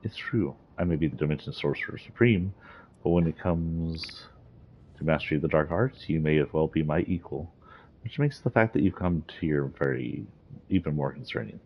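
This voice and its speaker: A man's voice: very deep voice, lively intonation, normal speed, slight background noise. A man reading the lines of a wry male sorcerer hero from game lore, close to his own voice. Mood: concerned. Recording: dull lo-fi recording.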